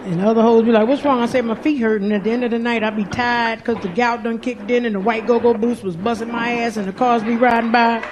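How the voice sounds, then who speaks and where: A male comedian playing a foul-mouthed former streetwalker who now works at a rehab, in a loud, bawdy, drawling stand-up bit recorded live. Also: very high voice, fairly even intonation, fast talker, few pauses. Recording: live club set, loud crowd and noise. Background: audience laughter.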